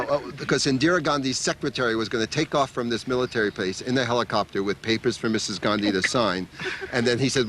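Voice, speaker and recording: An older American man recounts an old adventure to friends, his voice at an ordinary middle pitch. He laughs through the tale and slips into the voices of the people he quotes. A steady noisy ambience runs under the recording. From United States. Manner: animated anecdote, laughing often, acting out quoted voices. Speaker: storyteller. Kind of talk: casual storytelling to a group.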